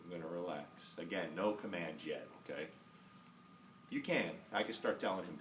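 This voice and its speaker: A dog trainer calmly explaining each step of a training method, patient and often checking in with "okay?". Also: male voice, low-pitched, normal speed. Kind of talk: casual instructional demo. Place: indoors at home with a dog. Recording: faint background noise, mic at some distance.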